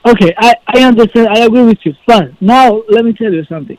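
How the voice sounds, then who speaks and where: A man calling in as a fighter guest, telling his story earnestly in halting, broken English. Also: extremely high pitch, no echo, low-quality recording. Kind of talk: phone-in interview. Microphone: phone call.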